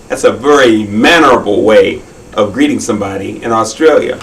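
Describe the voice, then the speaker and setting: A man's voice: on the low side, moderate pace, fairly bright tone, distant mic, rough recording. Man hosting a kids' magic show. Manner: friendly, instructive, talks straight to viewers. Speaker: magician host of a children's show. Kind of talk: children's TV magic show patter.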